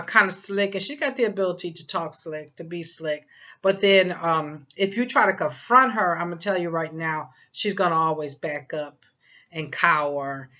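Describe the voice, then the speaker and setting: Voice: medium pitch, pushed and bright, lo-fi sound. A psychic reader giving a casual spoken prediction, rambling and emphatic, with many fillers and repeated phrases.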